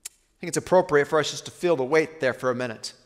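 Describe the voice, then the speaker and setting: High-pitched guy preaching, earnest, goes slow and quiet on heavy parts, echoey hall. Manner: earnest, slows and softens for weighty lines. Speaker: pastor. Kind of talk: sermon.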